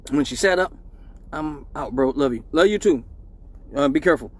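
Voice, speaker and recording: Animated, profane man telling a story. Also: a little high, normal speed. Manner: animated, profane, acts out voices in his story. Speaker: live show host. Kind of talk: casual storytelling to a live stream audience.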